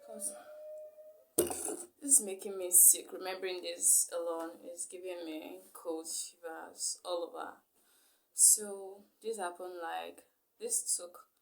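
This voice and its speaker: Young woman rambling thru a storytime vlog, lots of "like"s, mid pitch. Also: creaky, sharp tone. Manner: rambling retelling full of "like" fillers. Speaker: vlogger.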